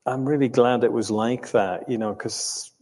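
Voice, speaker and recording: A man's voice: medium pitch, steady tone, normal speed, darkish tone, big-room sound. An older man from England telling his life story in a reflective, hesitant way, with many ums and restarts and the odd chuckle. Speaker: interviewee recounting his life.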